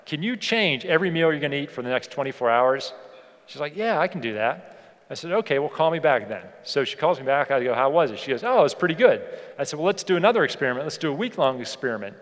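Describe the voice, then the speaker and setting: A man's voice: medium pitch, expressive, fast. A man giving a motivational keynote speech on a conference stage, emphatic and repeating phrases for effect. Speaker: keynote speaker. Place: large conference hall. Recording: long hall reverb from a PA.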